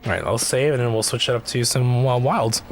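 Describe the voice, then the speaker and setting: A man's voice: medium pitch, brisk, faint music behind. A man streaming a video game, chatting casually and rambling about his progress. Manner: relaxed, rambling.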